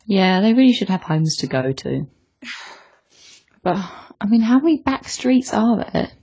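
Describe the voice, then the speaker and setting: Woman podcast co-host, low gravelly voice, mellow tone, relaxed opinionated chat, lo-fi sound. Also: a little slow. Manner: relaxed, opinionated, with fillers and restarts. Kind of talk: casual chat.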